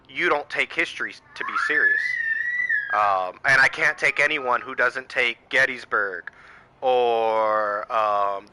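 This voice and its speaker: Heated and swearing, an American channel host rants about politics to camera and hurls rhetorical questions, his mid-range voice bright and forceful. The recording is low quality, with slight background noise.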